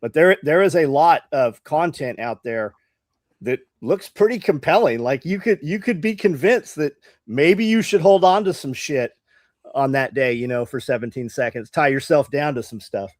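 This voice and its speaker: A man's voice: on the high side, expressive, normal speed, no room sound, studio quality. A man co-hosting a casual live talk show, speaking with hesitant starts. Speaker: co-host.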